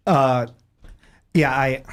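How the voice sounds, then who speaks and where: A man talking casually as a podcast guest, animated and laughing easily. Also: mid-range voice, clear, resonant tone. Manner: animated, quick, laughs often.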